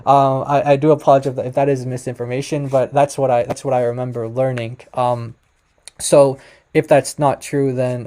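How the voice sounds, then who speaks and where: A man's voice: medium pitch, warm tone. A man casually walking viewers through a screen-share explainer, tentative and self-correcting, often stopping to apologize in case he has something wrong. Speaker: presenter.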